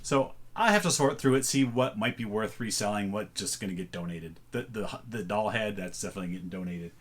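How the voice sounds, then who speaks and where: A man's voice: lowish voice, brisk. Chatty man sorting a thrift haul. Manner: chatty, thinking aloud while sorting items. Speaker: reseller showing a thrift haul. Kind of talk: casual vlog chat.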